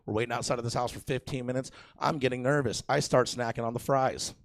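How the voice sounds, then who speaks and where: A young man doing stand-up on a theater stage, rambling and crude as he mocks himself and jabs at the crowd. His voice has a gravelly edge. The sound is close and dry. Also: medium pitch, fairly even intonation, quick pace, dry recording. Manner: crude, rambling, self-mocking, crowd work. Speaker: stand-up comedian. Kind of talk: stand-up set.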